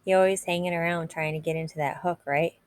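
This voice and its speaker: A woman's voice: lowish voice, steady tone, fast talker, lightly acted. A woman reading aloud, voicing a swaggering teenage boy bully in a mocking, teasing way. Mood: taunting. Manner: taunting, teasing.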